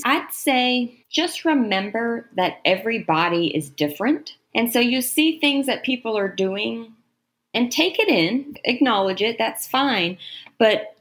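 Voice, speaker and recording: A woman's voice: fairly high pitch, expressive, unhurried. A woman guest on a podcast, chatting in a friendly, encouraging way. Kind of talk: casual chat.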